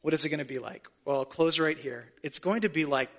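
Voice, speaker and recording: Bright-voiced man preaching a sermon. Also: fairly high pitch, fairly quick. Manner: earnest storytelling with some self-corrections. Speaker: pastor.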